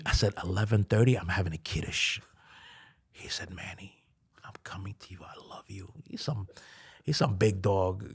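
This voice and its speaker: Gravelly, husky man telling a lively story. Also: mid-range voice. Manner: drops to a hushed whisper for quoted lines; laughs through the telling. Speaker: podcast guest. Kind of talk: animated storytelling.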